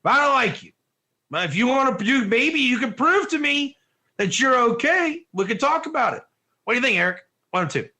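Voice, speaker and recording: A man's voice: extremely high pitch, very animated, a little fast, pushed and bright. A man teaching an interactive online Torah class, emphatic and firing rhetorical questions at his viewers.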